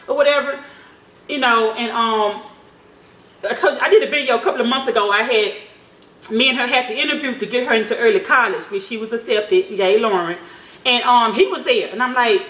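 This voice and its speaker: A woman's voice: on the high side, fairly bright tone. A mother telling a story in a casual vlog, talking in a loose, slangy way with swearing and many fillers. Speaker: mother and vlogger. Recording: echoey room.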